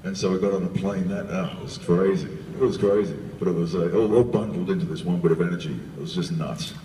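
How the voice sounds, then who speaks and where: A very deep-voiced man tells an animated, laughing story as a guest on a convention panel. He sounds distant from the mic in a big echoing hall, with long reverb trailing his words. A faint hiss sits underneath. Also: fast. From New Zealand.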